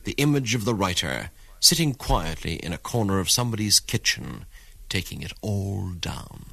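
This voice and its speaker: A man's voice: low-pitched, sing-song, moderate pace, gravelly, a bit bright, no room sound. A man narrating a documentary in a wry, ornate storytelling manner. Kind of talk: scripted narration.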